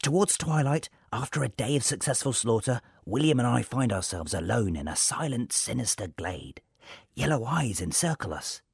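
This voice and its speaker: Husky man reading a story aloud. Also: medium pitch, normal speed, dry recording, studio quality. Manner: lively, storytelling delivery. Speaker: story reader. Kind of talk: scripted narration.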